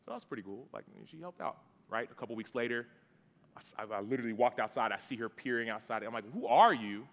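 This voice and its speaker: A man's voice: mid-range voice, fast, a bit bright, big-room sound. A man in his thirties telling a personal story in a sermon, casual and conversational, with fillers and restarts. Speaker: guest preacher. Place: church sanctuary.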